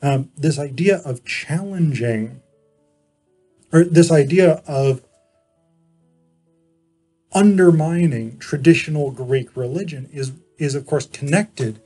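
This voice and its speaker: A man giving an informal philosophy lecture. He explains in a measured way, pausing often and correcting himself as he goes. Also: a little high, lively intonation, mellow, breathy edge, soft background music. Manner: measured explaining, frequent pauses and self-corrections.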